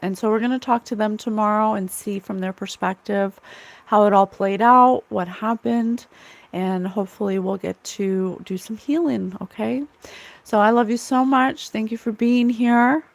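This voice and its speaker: A woman's voice: mid-range voice, steady tone, normal speed, gravelly, no echo. A woman hosting a livestream as a psychic medium, channeling spirits in an emotional, earnest way and laughing often.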